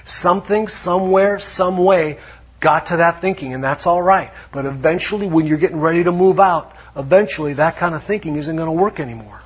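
Husky-voiced man preaching with energy. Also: on the high side, brisk. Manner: lively preaching with acted-out quotes. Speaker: pastor. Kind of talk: sermon. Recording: dull lo-fi sound.

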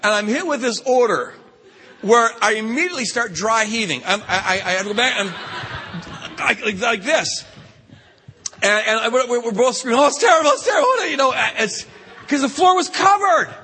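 Guy telling a funny story at a retreat, bright voice, long hall echo. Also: very high-pitched, normal speed, slight background noise. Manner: animated, lots of stammered restarts. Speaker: retreat speaker. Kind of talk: humorous storytelling talk.

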